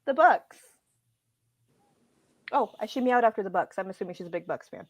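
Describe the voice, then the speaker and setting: A woman co-hosting a casual wrestling podcast, animated and quick to laugh. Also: mid-range voice, no room sound, dull audio. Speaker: podcast co-host.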